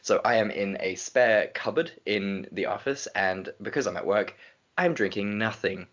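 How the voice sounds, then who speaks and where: A young man co-hosting a podcast in casual chat, animated and rambling with jokes, talking from a small spare office cupboard. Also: on the low side, moderate pace. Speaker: podcast co-host. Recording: dull lo-fi sound.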